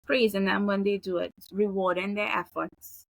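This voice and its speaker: A woman in her thirties, a behavioral analyst, giving parenting advice in a relaxed, chatty way and acting out example phrases. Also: mid-range voice, normal speed, creaky, no echo, rough recording. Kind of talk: casual advice conversation.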